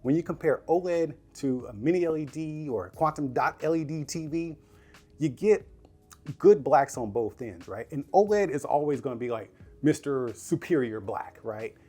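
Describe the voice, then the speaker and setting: A man talks through a TV review from his living room in a casual, slangy way, his pitch bouncing up and down in an animated delivery. He speaks straight to viewers like friends. Soft music plays faintly behind him. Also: moderate pace. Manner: chatty, laughing, slangy, addresses viewers directly. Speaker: tech reviewer. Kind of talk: casual product review vlog.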